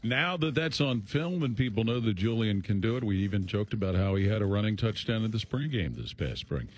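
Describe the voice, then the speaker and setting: Male radio commentator, low pitch, direct delivery. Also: animated, fairly quick, faint music behind. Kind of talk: sports talk radio analysis.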